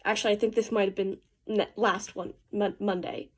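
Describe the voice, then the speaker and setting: A woman's voice: mid-range voice, level tone, normal speed, breathy edge. A teenage girl telling a rambling story in a casual, chatty way while she does her makeup, with slangy asides. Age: teens. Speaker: vlogger.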